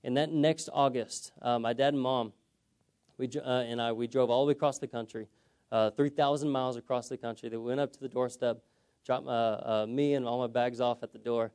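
Young guy preaching, tells his own story, mellow dark voice, keeps saying okay?. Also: medium pitch, steady tone, brisk. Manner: storytelling, conversational with frequent "okay?" check-ins. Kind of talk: sermon testimony.

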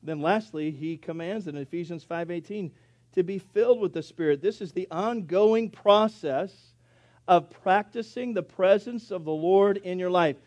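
A high-voiced man in his thirties preaches a sermon as pastor. He drops into quiet, confiding asides and then climbs into loud, emphatic preaching. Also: moderate pace.

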